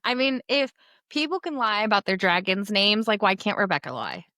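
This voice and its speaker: A woman's voice: mid-range voice, animated, moderate pace, bright, forceful tone, dry recording. Young woman, podcast co-host, opinionated casual chatter, very dry close sound. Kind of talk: casual book discussion.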